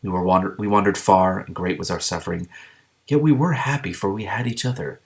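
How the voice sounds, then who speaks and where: A weepy, melodramatic young princess, as a man reading aloud puts her on. She laments in stately, old-fashioned phrasing, close to his own low voice. Her grief is theatrical and never-ending. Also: a little fast, creaky. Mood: lamenting. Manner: archaic, tragic phrasing.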